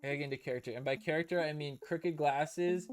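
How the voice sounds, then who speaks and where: A man's voice: fairly high pitch, quick pace, soft background music. Male streamer host reading chat. Casual, swears often, jokes around. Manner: loose, profane, joking.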